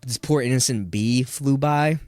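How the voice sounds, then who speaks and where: A man's voice: medium pitch, measured pace, a little mellow, no echo, studio quality. A man co-hosting a podcast, telling stories in a brash, laughing, casual way. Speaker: podcast co-host. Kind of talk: casual chat.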